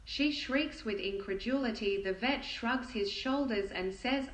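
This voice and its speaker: A woman narrates a joke at a steady, even storytelling pace. Her voice sits fairly high. It rings in an echoey room. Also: a little slow, few pauses. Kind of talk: reading a joke aloud.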